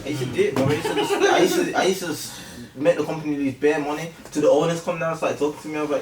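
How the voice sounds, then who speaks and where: A man, bantering quickly in casual podcast chat. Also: a little high, sing-song, slight background noise. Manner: quick banter with London slang. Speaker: podcast co-host. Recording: echoey room, far from mic.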